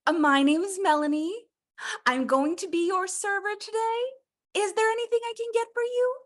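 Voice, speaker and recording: A woman's voice: extremely high pitch, pitched above the performer's own voice. A woman playing an over-eager, people-pleasing restaurant server who fires off fussy questions. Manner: gushing, fussy, rapid-fire questions.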